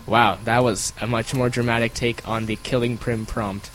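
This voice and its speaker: A man's voice: mid-range voice, flat delivery, normal speed, few pauses, fairly bright tone, slight background noise, low-quality recording. A man hosting a casual podcast, reading listener emails and chatting in a rambling, apologetic way. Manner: rambling, apologetic, laughs often; reads listener emails aloud. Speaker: podcast host.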